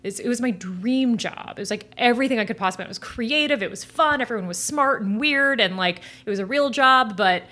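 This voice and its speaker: A woman's voice: a little high, lively intonation, fairly quick, hardly any pauses. A woman in her thirties, a coach guesting on a podcast, talking casually and laughing often. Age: 30s. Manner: bright, laughing, conversational.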